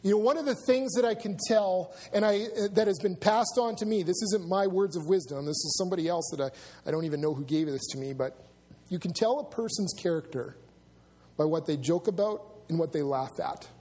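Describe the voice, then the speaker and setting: A man's voice: sits high, fairly quick, darkish tone, breathy edge, long reverb tail. A man preaching a sermon as pastor, in a conversational way with asides to the congregation. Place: church sanctuary.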